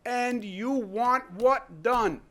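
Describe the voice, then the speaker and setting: New governor guy, 60s, higher-pitched voice, punchy short lines, lots of rhetorical questions. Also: drawn-out words, bright, forceful tone. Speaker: state governor at a press briefing. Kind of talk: impassioned political speech.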